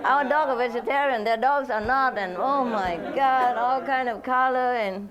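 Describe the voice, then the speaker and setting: A woman telling rambling, animated stories in a casual way. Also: high-pitched, moderate pace, lo-fi sound, crowd noise. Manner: rambling, animated, often laughing. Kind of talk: casual storytelling.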